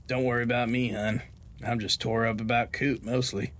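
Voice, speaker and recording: A sly, cheerful rugged rancher, as a man voices him talks in an easygoing, folksy drawl. His voice sits at an ordinary male pitch. He sounds relaxed and a little too pleased with himself in this Western horror tale. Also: moderate pace, natural voice. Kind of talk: audio drama narration.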